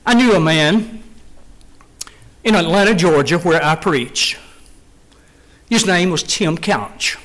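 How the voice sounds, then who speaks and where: A man's voice: sits high, lively intonation, takes it slowly, long pauses, fairly bright tone, rough recording. A middle-aged man preaching a sermon in an earnest, emphatic way, repeating phrases for stress.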